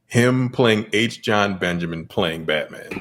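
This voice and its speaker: A man's voice: fairly low pitch, a little slow, a bit bright, slight background noise. A man co-hosting a podcast in casual chat, blunt and profane with laughing asides. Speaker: podcast co-host.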